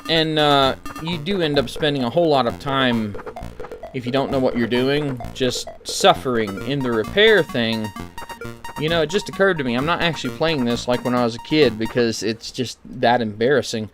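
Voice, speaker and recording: A man's voice: medium pitch, normal speed, music in the background. A man giving casual, rambling commentary while playing an old computer game, with sarcastic asides. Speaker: streamer.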